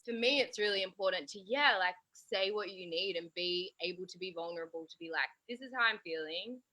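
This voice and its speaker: A woman talks earnestly in a relaxed chat, her voice sitting a little low with a bright, forceful edge. She speaks openly about feelings. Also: brisk, rough recording. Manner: earnest, talks about self-growth with laughs and swearing. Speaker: host. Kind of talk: casual chat.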